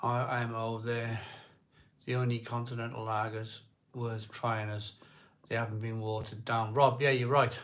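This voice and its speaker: A man's voice: mid-range voice, flat delivery, normal speed. A middle-aged man from South Wales with a Welsh accent, casually chatting on a live beer-drinking stream and answering viewers' comments in a jokey way.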